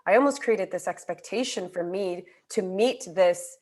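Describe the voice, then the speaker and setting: A woman's voice: mid-range voice, normal speed, a little mellow. A woman talking candidly about her own grief, speaking earnestly with casual fillers in a conversation over a video call. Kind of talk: personal reflective conversation.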